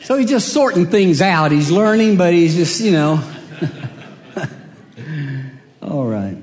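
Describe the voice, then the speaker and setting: A man's voice: sits high, very animated, moderate pace, darkish tone. An older man, a pastor telling homespun jokes and family stories in a sermon. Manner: homespun joke-telling, chuckles at own punchlines. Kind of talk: sermon with folksy storytelling. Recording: long reverb of a church hall.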